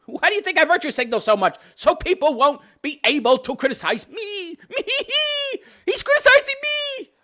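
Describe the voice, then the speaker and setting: A man putting on the voice of a whiny, easily offended young man to mock him, in a high, exaggerated whine. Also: very animated, normal speed, sharp tone, exaggerated voice.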